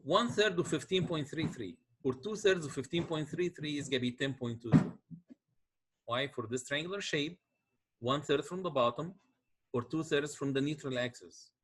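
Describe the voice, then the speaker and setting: Man lecturing with a husky voice. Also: a little high, moderate pace, a bit bright. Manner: explains step by step, asks checking questions. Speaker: engineering lecturer. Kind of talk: classroom lecture.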